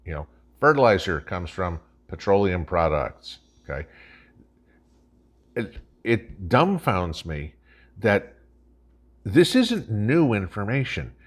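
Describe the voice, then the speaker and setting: Scornful low-voiced man ranting. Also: sing-song, slow, pauses often. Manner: scornful, ranting, keeps adding "okay?". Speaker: host. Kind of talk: opinionated commentary.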